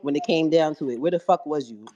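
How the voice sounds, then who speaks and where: Blunt quick-talking woman, confrontational. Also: low-pitched, mellow, lo-fi sound. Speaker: guest on a live audio room. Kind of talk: heated casual talk.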